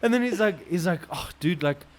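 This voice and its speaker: A young man, co-hosting a podcast, telling a story in casual chat, swearing and acting out quotes loudly. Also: sits high, animated, fairly quick. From South Africa. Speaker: podcast co-host.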